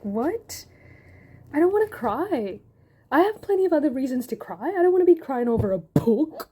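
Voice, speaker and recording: A woman from Sri Lanka chatting casually and gushing about her books at home, rambling with frequent ums. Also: mellow. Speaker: book vlogger. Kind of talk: casual chat. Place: home in Hobart. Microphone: camera mic. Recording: low-quality home video with faint noise.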